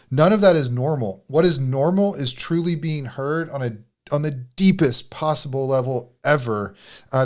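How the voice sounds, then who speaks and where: Rambling man marriage coach. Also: medium pitch. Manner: rambling, lots of filler likes. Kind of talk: casual podcast chat.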